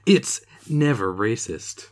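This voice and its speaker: A man's voice: medium pitch, lively intonation, takes it slowly. A man co-hosting a podcast, recapping an old TV episode in casual, jokey chat, laughing often. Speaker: podcast co-host.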